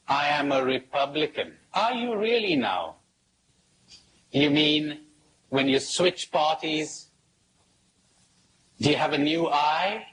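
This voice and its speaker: A man's voice: a little high, a bit bright, slight background noise, poor audio. A man leading a spiritual workshop, asking questions aloud and telling jokes in acted voices. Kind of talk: live workshop talk.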